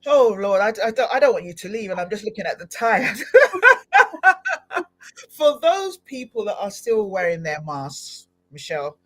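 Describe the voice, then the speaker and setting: A woman hosting a live-streamed podcast interview, talking in an animated, exclamatory way with frequent laughter. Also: medium pitch, normal speed, hardly any pauses. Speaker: podcast host.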